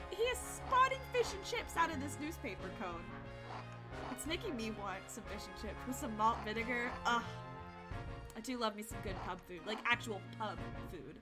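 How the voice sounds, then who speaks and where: A woman's voice: a little high, lively intonation, moderate pace. A young woman streamer casually commenting while she plays, chatty and giggly, with game music behind. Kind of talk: casual let's play commentary.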